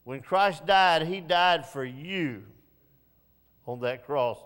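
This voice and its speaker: Preacher, male, high voice, slow deliberate sermon delivery, long hall reverb. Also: clear, resonant tone. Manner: swings from low hushed passages to raised pleading lines.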